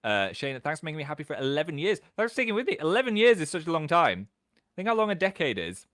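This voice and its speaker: British man, thirties, livestream host, casual chat, lively swooping pitch, dry close sound. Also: no room sound. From England. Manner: chatty, animated, quick jumps in pitch.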